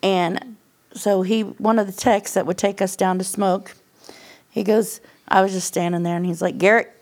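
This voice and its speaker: A woman's voice: mid-range voice, fairly even intonation, moderate pace, a little mellow. A middle-aged woman as a podcast guest, telling her personal testimony in a candid, casual way, laughing often and acting out what people said. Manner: candid storyteller, laughs often, acts out quoted lines.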